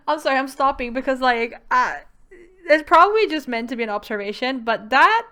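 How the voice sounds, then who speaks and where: A game streamer offers casual commentary in a high, expressive, sharp-toned voice at a moderate pace. She's chatty, leans heavily on "like" as a filler, and reads on-screen dialogue aloud.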